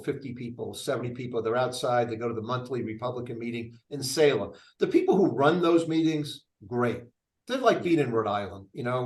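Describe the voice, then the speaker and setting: Older male candidate, lively, rambling delivery, slightly high voice, roomy echo. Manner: animated, rambling, frequent restarts. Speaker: presidential candidate. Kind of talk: casual interview talk. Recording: echoey room.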